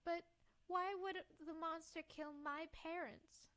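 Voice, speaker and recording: A woman doing a high pleading little girl. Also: fairly even intonation, takes it slowly, fairly bright tone, full character voice. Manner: earnest, pleading.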